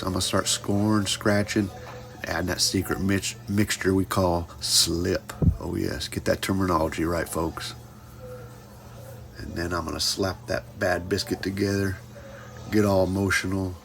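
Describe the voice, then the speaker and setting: A man's voice: sits low, level tone, measured pace, creaky, a bit bright. A man teaching a pottery class in a casual hands-on demonstration, joking with his viewers as he works. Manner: playful, jokey asides addressed to "folks".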